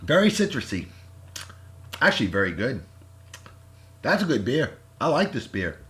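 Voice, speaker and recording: A man hosting a casual beer-tasting vlog, talking in a loud, hyped-up, slangy way and sounding short on sleep. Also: medium pitch, big pitch swings, moderate pace, a little hiss or hum. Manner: boisterous, hyped-up, shouty slang-laden praise. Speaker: vlog host.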